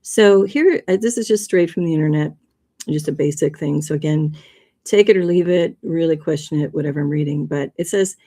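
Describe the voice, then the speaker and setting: Speaking briskly in a deep, dark voice, a woman hosts a livestream with a casual, rambling presentation. She chats freely and laughs frequently.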